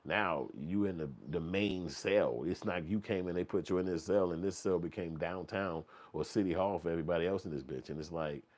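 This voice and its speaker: Low-voiced man telling a vivid profane story. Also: brisk, few pauses. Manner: profane, vivid storytelling with second-person address; acts out quoted voices, sometimes yelling high. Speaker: channel host commenting on news. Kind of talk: casual spoken commentary.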